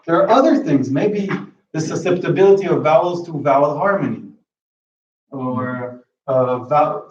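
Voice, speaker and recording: A man's voice: a little high, darkish tone. A man giving an academic linguistics talk, hesitant, often repeating words as he thinks. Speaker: linguistics lecturer. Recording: roomy, distant, dull lecture-room recording.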